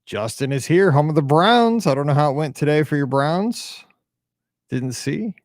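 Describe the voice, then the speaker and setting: A man's voice: on the high side, lively intonation, moderate pace, darkish tone, no room sound, clean studio sound. Tired, chatty man hosting a live podcast. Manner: chatty, upbeat, hums and mutters to himself. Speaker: podcast host. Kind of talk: casual pre-show chat greeting live viewers.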